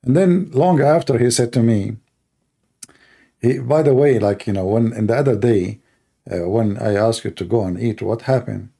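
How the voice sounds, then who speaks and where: Male apologist, mellow, gravelly voice, dry sarcastic delivery. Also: medium pitch, normal speed. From Middle East. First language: Arabic. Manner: sarcastic, mocking. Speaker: Christian apologist. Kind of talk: mocking commentary and anecdotes.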